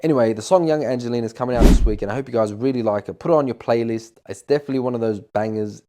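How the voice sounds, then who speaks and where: A young man, chatting to camera about his music in a jokey, animated way, sometimes breaking into song. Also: mid-range voice, racing. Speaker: musician and vlogger. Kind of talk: casual storytelling to camera.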